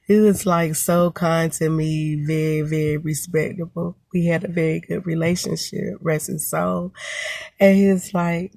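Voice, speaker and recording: A woman's voice: sits low, level tone, slow, creaky, a little mellow, no echo. A woman in her thirties telling a personal story to her camera, reflective and full of "you know" and "um". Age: 30s. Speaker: mother and vlogger.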